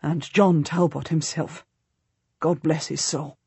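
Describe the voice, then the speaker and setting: A grief-stricken nobleman breaks terrible news tenderly and gravely, as a woman reading an audiobook plays him. The voice drops low and slow. It stays breathy and close-miked in a dry recording. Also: steady tone, mellow, no echo, full character voice.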